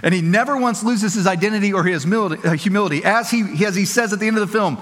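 A man preaching as a pastor, conversational and playful, quickly acting out little quoted voices. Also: high voice, a bit bright, long reverb tail. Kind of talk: sermon. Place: church auditorium.

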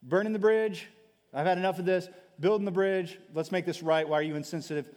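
Man, pastor, sermon, high-pitched voice, animated, repeats words, acts out quotes, long hall reverb. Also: brisk.

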